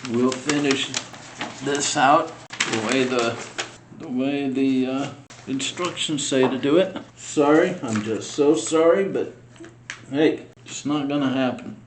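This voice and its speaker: A man narrates his scale model build in a slow, unhurried way. He mutters and grumbles in frustration at the tiny parts as he works. The sound is roomy, with a faint hum behind him. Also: medium pitch. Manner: muttering to himself, frustrated and exasperated. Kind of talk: casual build vlog narration.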